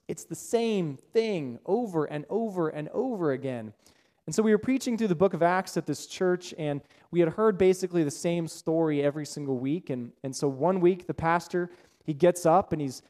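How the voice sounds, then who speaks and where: A man's voice: a little high, darkish tone. Man, pastor, sermon, emphatic repetitive phrasing, rhetorical questions.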